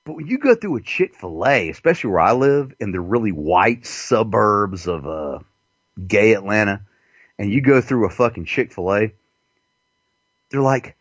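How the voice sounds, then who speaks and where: A man's voice: lowish voice, moderate pace, breathy edge, no echo, muffled recording. A man hosting a podcast, delivering a crude, mocking, profane monologue. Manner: crude, mocking, animated delivery with frequent swearing. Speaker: podcast host.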